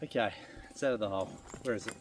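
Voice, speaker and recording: A man vlogging while prospecting outdoors on the goldfields, keeping his voice low with breathy exclamations. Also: racing, heavy background noise. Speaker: gold prospector.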